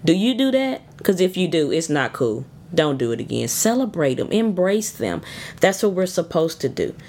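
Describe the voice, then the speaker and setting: A woman's voice: on the low side, big pitch swings, normal speed, darkish tone. A woman giving an informal devotional talk, earnest and conversational as she urges her listeners on. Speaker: devotional speaker.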